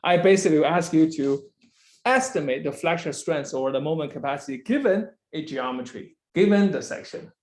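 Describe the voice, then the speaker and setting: A man's voice: on the high side, brisk, darkish tone. A male university lecturer giving a classroom lecture, repeating key phrases and checking in with "right?" after nearly every line.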